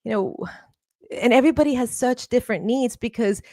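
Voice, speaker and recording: A woman's voice: on the high side, a little fast, warm tone, no echo, clean studio sound. A woman therapist, a guest on a podcast, talking in an earnest, encouraging way. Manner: earnest, encouraging, laughs often. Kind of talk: casual interview talk.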